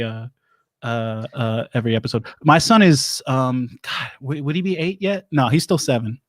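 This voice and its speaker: A man playing a rambling, divorced doomsday-prep lecturer who hosts an improvised comedy show, talking in halting, deadpan stops and starts. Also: a little high, dry recording, clean studio sound, lightly acted.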